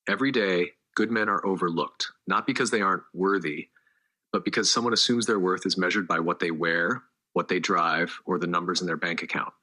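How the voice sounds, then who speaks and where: A man reading a scripted story in a dramatic, measured narrating manner. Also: low-pitched, steady tone, sharp tone.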